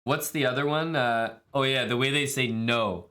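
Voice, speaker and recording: Bright-voiced laid-back male streamer. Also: medium pitch, moderate pace. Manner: laid-back, jokey, calls viewers bud and bro. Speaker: live streamer. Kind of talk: casual stream chat, reading viewer messages.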